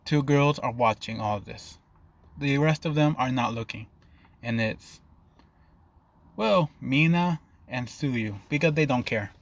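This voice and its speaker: A man's voice: mid-range voice, slow. A man narrating an improvised fan fiction story in a loose, rambling way, often stopping to rephrase.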